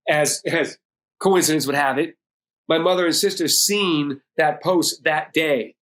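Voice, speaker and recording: A middle-aged man from Boston, a podcast guest telling a personal story bluntly with heavy swearing. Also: on the high side. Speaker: podcast guest, music producer and DJ.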